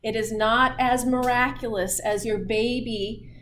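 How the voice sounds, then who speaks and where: Middle-aged woman instructor, unhurried, laughs often, anecdotal. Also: fairly high pitch, a little hiss or hum. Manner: chatty, laughs often, lively storytelling. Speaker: physiology instructor. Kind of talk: lecture with personal anecdotes.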